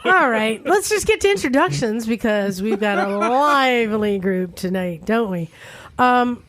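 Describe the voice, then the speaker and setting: A woman hosting a casual group podcast, introducing her co-hosts with a teasing, brisk manner. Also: a little high, lively intonation, a bit bright, a little hiss or hum. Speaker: podcast host.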